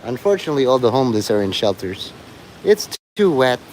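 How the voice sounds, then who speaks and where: A man's voice: medium pitch, sing-song, brisk, a little mellow, slight background noise, poor audio. A middle-aged man rambling crudely in a monologue while out in the rain, swearing and joking to himself. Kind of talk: rambling outdoor livestream monologue. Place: outdoors in the rain near traffic.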